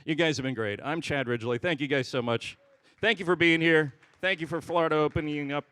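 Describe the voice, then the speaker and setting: A man doing a stand-up comedy set on a stage microphone, jumping between loud punchlines and muttered asides. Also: fairly high pitch, brisk, clean tone.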